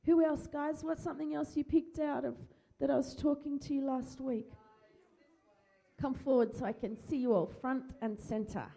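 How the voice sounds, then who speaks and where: A woman pastor, speaking gently and encouragingly, often repeating her phrases, during a church service and children's talk. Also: sits high, steady tone, normal speed, vocal fry. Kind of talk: worship prayer and children's talk. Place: church hall. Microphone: handheld microphone.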